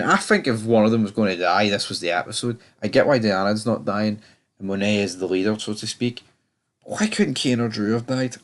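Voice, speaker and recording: A young man talks through a TV episode in a loose, rambling way. He stumbles and restarts his sentences and sounds exasperated with the show. His voice sits a little low. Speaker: TV review channel host. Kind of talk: casual episode review.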